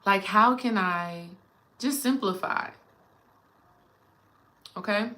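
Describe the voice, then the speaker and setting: A woman's voice: medium pitch, slow pace, sharp tone. A woman spiritual coach talking casually and animatedly to her viewers, addressing them directly.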